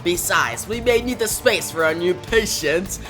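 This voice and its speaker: A man's voice: sits high, expressive, measured pace, bright, forceful tone, soft background music, heavily acted. A man reading the lines of a gleeful, taunting male clown villain from a comic.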